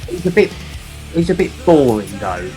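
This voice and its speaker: Band member on a podcast call, wry and teasing. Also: male voice, on the high side, sing-song, moderate pace, mellow, soft background music. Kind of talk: casual interview.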